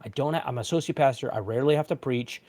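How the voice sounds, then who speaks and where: A man in his forties, a pastor hosting a casual livestream chat, telling a story with lively, self-mocking asides. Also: medium pitch, rapid-fire. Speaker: pastor and show host.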